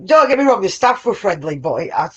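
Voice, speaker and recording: A woman's voice: medium pitch, big pitch swings, fast talker, husky, no echo, dull audio. A woman co-hosting a casual live-stream chat, chatty and sweary. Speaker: co-host.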